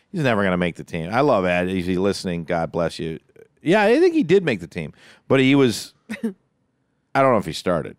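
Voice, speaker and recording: A man in his thirties chatting on a comedy podcast, telling stories animatedly and acting out quotes loudly. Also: lowish voice, smooth, no echo, clean studio sound. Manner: animated storyteller, acts out quotes in loud voices. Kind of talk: casual comedic chat.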